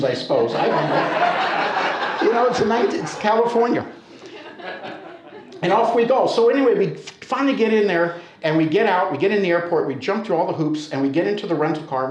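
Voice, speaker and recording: An older American man spins a funny personal tale for a live crowd, his talk loose and conversational. His voice sits a bit high for a man, and the hall adds a clear echo around every line. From United States. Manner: conversational and humorous. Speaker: storyteller. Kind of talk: told personal story before a live audience. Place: storytelling center hall. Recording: echoey hall.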